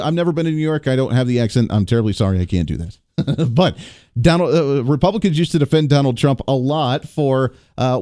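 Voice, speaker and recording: An American man hosting a political talk radio show, talking in an animated, sarcastic way and mocking quotes with put-on voices. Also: fairly high pitch, brisk, no echo, clean studio sound.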